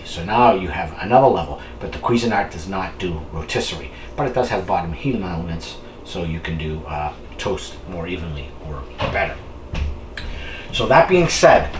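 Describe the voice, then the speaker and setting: Male home reviewer, lower register, loose chatty delivery while eating; roomy room sound with faint background noise. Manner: rambling, talks while eating. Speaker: product reviewer. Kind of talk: casual chat.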